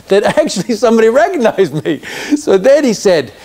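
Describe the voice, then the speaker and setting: A man's voice: high voice, quick pace, hardly any pauses. A man, an actor, telling a story in an interview and acting out the voices of everyone in it. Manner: animated, acts out each person's lines in the story.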